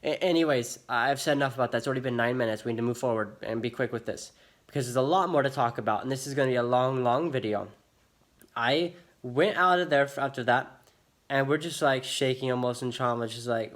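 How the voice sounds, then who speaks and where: A man's voice: medium pitch, fairly even intonation, a little fast, fairly bright tone. A young American man telling an agitated storytime rant in his vlog, swearing often as he talks. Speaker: vlogger.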